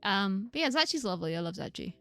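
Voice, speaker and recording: Giggly girl streamer chatting while gaming, lilts up a lot, bit croaky, dry sound, soft music behind. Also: mid-range voice, big pitch swings, fast talker, no room sound. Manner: giggly, rambling, lots of upward inflections. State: slightly croaky. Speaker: VTuber streamer. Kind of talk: casual live-stream chat while gaming.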